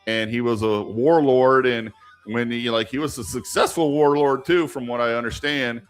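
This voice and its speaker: A man's voice: medium pitch, steady tone, moderate pace, clean tone, faint music behind. A man hosting a casual live stream while gaming, rambling with many fillers and turning emphatic when he argues.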